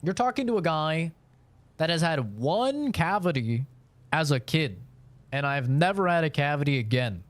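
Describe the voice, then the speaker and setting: A man's voice: on the high side, expressive, normal speed. A man in his twenties chatting casually on a live stream, boastful and profane in his banter.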